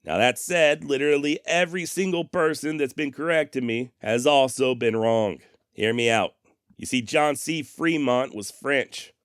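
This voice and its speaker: A man hosts a casual history podcast, narrating with sarcastic, folksy humor and jokes at his own expense. His mid-range voice is smooth and a bit bright, recorded with clean studio sound and no echo.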